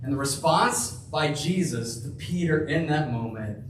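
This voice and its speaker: A male pastor preaching a sermon in a church, slow and emphatic, dropping to a hush for key phrases. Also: a little high, expressive, a little hiss or hum. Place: church sanctuary. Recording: echoey room, heard from a distance.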